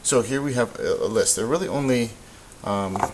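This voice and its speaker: A man teaching a recorded Spanish grammar lesson, explaining in a relaxed way with lots of ums and uhs. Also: mid-range voice, normal speed. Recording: faint hiss.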